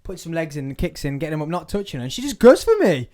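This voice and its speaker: A man's voice: on the high side, big pitch swings, fast talker, mellow, a little hiss or hum. A young man hosting a casual podcast, jokey and teasing, breaking into mock accents as he banters with his guests. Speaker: podcast host.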